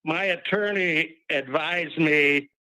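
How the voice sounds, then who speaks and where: A man's voice: on the high side, slow pace, sharp tone, no room sound, poor audio. A man calling in to a sports talk show, chatty and wry, rambling a little as he talks. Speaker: regular caller. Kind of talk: call-in sports chat.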